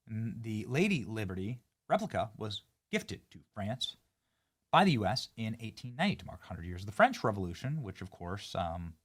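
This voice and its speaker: Animated sarcastic male commentary host. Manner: animated, sarcastic, swings between loud hype and low mutters. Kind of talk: casual political commentary.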